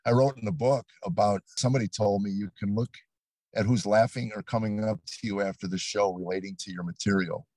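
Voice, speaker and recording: Older male comedian guest, low voice, dry close sound, lively storyteller who acts out what people said. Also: brisk, dry recording. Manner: animated storyteller, acts out quotes. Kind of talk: storytelling interview. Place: studio set.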